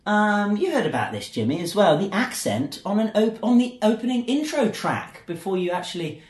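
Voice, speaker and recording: British man, podcast host, jokey and rambling, lively swooping pitch, roomy echo. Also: normal speed. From Britain. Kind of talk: casual chat. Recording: echoey room.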